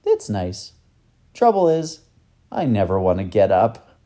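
A man voicing an eager, chatty young boy in a storybook reading, speaking with an excited, rising voice. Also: on the low side, unhurried.

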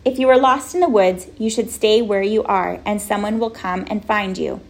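A woman narrating a children's storybook in a gentle, wry way. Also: medium pitch, normal speed, creaky. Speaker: audiobook narrator.

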